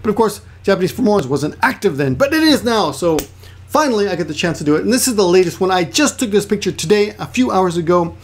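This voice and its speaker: A man's voice: high voice, big pitch swings, fast talker. A man giving a chatty, rambling language lesson, often restarting and adding asides. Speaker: Japanese language teacher. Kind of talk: casual explanatory lesson.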